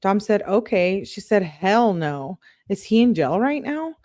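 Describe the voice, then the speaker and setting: A woman's voice: medium pitch, very animated, unhurried, mellow, no room sound. Woman reading text messages aloud, dry sound. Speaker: true-crime YouTuber.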